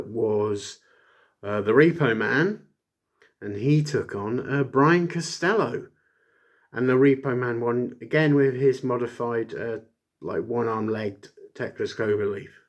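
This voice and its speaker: A man casually reviewing an old wrestling show, rambling with many fillers and jokey asides. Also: medium pitch. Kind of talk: casual chat.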